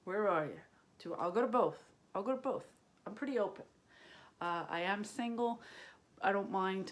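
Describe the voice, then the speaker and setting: A woman's voice: mid-range voice, animated, brisk. Woman stand-up comic, casual question-and-answer chat, rambling, bawdy, lots of ums, drops into whispered asides, home kitchen. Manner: rambling and crude, with many fillers and whispered asides. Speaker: stand-up comedian.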